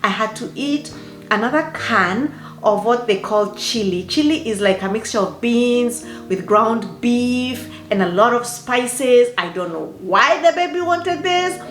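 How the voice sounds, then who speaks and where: A woman tells her own story as a life coach, expressive and given to dramatic exclamations. Her voice sits a little high and she takes her time. The recording is roomy, with faint music underneath. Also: measured pace. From Africa. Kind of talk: personal storytelling vlog.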